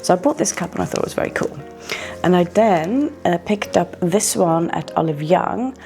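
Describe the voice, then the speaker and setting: Over soft background music, a skincare vlogger talks casually to camera at a normal pace, her voice creaky and a little groggy from an oncoming cold. She's chatty and self-deprecating, with lively leaps in pitch.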